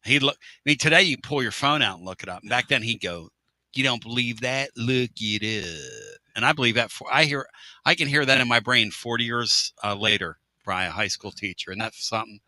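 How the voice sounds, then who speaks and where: A middle-aged man hosting a casual sports radio show, joking, with loud outbursts and drawn-out catchphrases. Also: mid-range voice, lively intonation, no echo.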